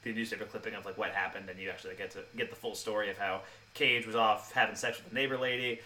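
A man co-hosting a podcast, chatting casually about a film, quick and animated, laughing often. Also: lowish voice, recorded from a distance, slight background noise. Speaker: podcast co-host.

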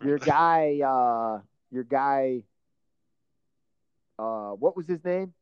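A man's voice: mid-range voice, expressive, drawn-out words, clean tone, dry recording, dull audio. A man co-hosting a casual podcast, bantering with jokes and swearing. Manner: joking, profane banter. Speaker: podcast co-host. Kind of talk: casual chat.

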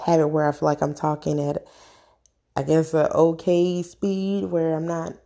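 Woman podcaster, mom, low mellow gravelly voice, talkative and rambling, a bit nervous, recorded on a phone. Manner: chatty, rambling, enthusiastic. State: a little nervous. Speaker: podcast host, stay-at-home mom. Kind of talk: casual solo podcast talk.

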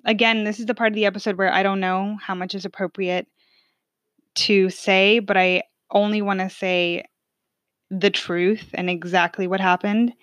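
A woman's voice: mid-range voice, level tone, moderate pace, fairly bright tone, dry recording. Chatty young woman telling a story. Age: 20s. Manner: chatty, many fillers like "like" and "um". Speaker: podcast host telling a personal story. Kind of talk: casual personal storytelling.

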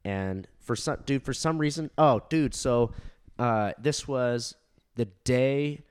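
A man's voice: medium pitch, takes it slowly, darkish tone, clean tone. Rambling, laughing young man. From Southern California. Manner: rambling, laughing, heavy fillers and swearing. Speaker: comedian podcast co-host. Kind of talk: casual storytelling chat.

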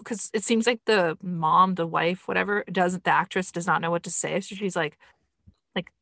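A woman's voice: lowish voice, a little fast, vocal fry, sharp tone, no echo. Sarcastic woman reviewing a film. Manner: sarcastic, chatty, many fillers. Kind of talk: casual commentary.

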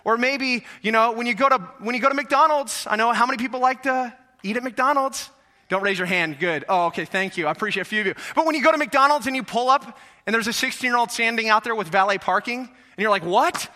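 A high-voiced man preaching with an energetic, chatty delivery, often turning to the congregation with rhetorical questions. His tone is crisp and sharply bright, and a long reverb trails each phrase through the big sanctuary. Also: fast talker. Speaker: pastor. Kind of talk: sermon. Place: large church sanctuary.

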